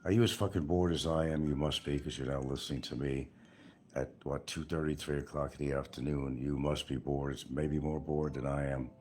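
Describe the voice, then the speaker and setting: Low-voiced older man rambling on a livestream. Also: fairly even intonation, a little fast, a little mellow, slight background noise. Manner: rambling, sarcastic, chuckling. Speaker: livestream host. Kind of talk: casual livestream chat.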